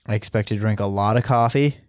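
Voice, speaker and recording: A young man co-hosting a casual podcast, relaxed and rambling with lots of fillers. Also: on the low side, fast talker, no room sound, studio quality. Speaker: podcast co-host.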